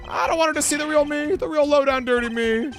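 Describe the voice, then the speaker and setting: Man putting on a whiny, excitable young artist guy. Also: very high-pitched, quick pace, soft background music, pitched above the performer's own voice. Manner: whiny, pleading, dramatic.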